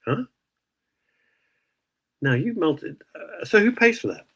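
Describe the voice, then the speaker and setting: Male radio host, husky voice, lively swooping pitch, indignant rant. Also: a little fast, rough recording. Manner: ranting, indignant, conversational. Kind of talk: opinionated radio chat.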